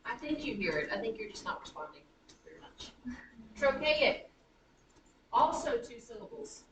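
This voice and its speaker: A woman teaching a high school writing class, chatty and self-correcting as she taps out rhythms aloud. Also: huge pitch swings, a little fast, a bit bright. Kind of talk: classroom lecture. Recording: roomy classroom from a distance, faint noise.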